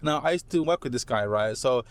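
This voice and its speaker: A man with a London accent talks quickly through a story on a podcast. He keeps tagging "right?" onto his points and sits at an ordinary middle pitch. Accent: London English. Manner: animated anecdotes, tags statements with "right?". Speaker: podcast guest. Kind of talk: casual chat, storytelling.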